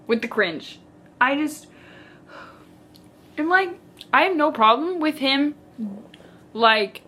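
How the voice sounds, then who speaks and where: A young woman chatting casually as a book vlogger, animated and dramatic, with lots of filler "like"s. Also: a little high. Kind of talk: casual chat.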